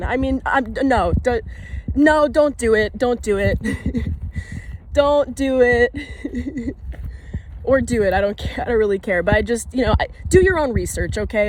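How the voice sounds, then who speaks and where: Walking outdoors in the woods, a young vlogger speaks to camera in a slightly high, darkish voice. She muses aloud, wandering between thoughts, laughing a lot and swearing casually. The recording is rough, with slight background noise.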